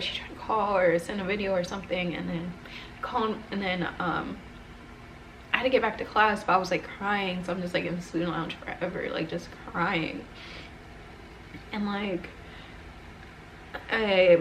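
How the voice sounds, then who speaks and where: A woman's voice: fairly low pitch, steady tone, moderate pace, fairly bright tone, slight background noise, low-quality recording. A woman in her twenties telling a personal story to camera in a rambling, emotional way, near tears, recorded on a camera microphone. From United States. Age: 20s. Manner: rambling, emotional, frequent "like" and "right?". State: tearful. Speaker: vlogger. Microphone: camera mic.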